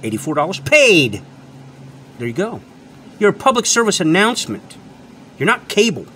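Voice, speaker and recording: A man with a high voice that swoops up and down as he rants straight to his viewers. He lectures and repeats his points for emphasis, and he drops the odd swear word. A faint hum of air conditioning sits behind him. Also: very animated, brisk, a bit bright. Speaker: channel host and product reviewer. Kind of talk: unscripted ranting monologue.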